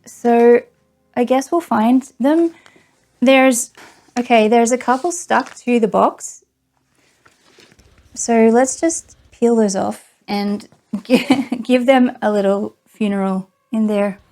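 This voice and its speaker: A woman's voice: on the high side, slow pace, pauses often, mellow. A woman doing a casual unboxing vlog, sarcastic and exasperated, often laughing. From Australia. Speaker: vlogger.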